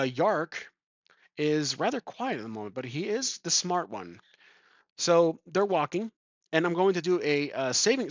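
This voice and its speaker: A man's voice: a little high, a bit bright, dry recording. Give me a man rambling through a solo tabletop game, muffled lo-fi audio. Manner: rambling, thinking aloud with many ums. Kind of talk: improvised game narration. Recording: dull lo-fi sound.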